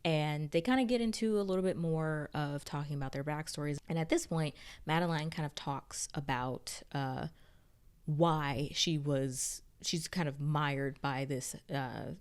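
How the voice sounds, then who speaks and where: A woman's voice: deep voice, a little slow, clean tone. A woman giving a casual, rambling spoken recap of a TV episode, filling her talk with "like" and restarts. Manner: chatty, heavy use of "like", rambling restarts. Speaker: TV recap reviewer.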